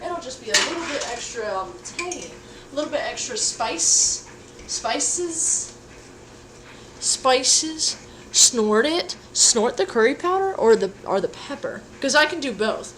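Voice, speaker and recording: Young female streamer, goofy and rambling, cooking at home, higher voice. Echoey room, mic at a distance, noisy background. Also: expressive, unhurried, a bit bright. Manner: goofy, rambling, swears casually, talks to chat. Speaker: livestreamer. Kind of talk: casual livestream chat while cooking. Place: home kitchen.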